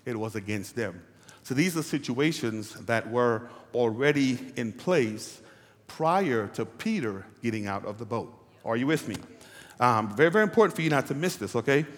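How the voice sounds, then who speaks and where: A male pastor preaches with animated energy, going from loud calls to near-whispers. He keeps checking that his listeners are with him. A long reverb fills the large hall around him. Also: medium pitch, moderate pace. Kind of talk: sermon.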